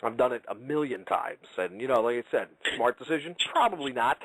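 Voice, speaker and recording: A ranting, foul-mouthed radio show host. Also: male voice, medium pitch, expressive, a little fast, creaky, slightly rough, no echo, low-quality recording. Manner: loud, ranting, swears constantly. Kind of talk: casual profane chat. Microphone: internet radio call-in line.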